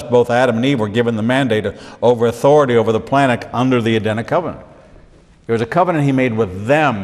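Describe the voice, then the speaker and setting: Man teaching scripture in a reverberant hall. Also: medium pitch. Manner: animated, repetitive emphasis, dramatic pauses, humorous asides. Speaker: rabbi teaching the Bible. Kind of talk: sermon-style Bible teaching.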